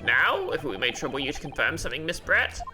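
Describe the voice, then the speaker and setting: A woman voices a stern elderly judge in a deep, weighty tone that sits even lower than her already low voice. He speaks slowly and formally, and game music plays underneath. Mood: solemn. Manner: solemn, formal.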